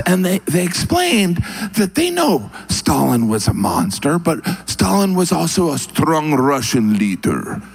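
A man performing a stand-up comedy routine on stage in a wry, deadpan storytelling manner. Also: husky. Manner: wry, deadpan storytelling with sudden high-pitched asides.

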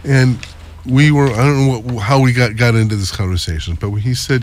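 A man interviewing a guest in a casual talk, speaking in a hesitant, measured way. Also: mid-range voice.

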